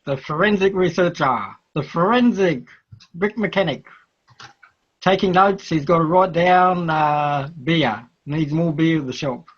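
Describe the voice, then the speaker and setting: High husky Australian man, rambling. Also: measured pace, lo-fi sound. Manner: rambling, laughs often, restarts. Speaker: stream co-commentator. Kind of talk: casual stream chat.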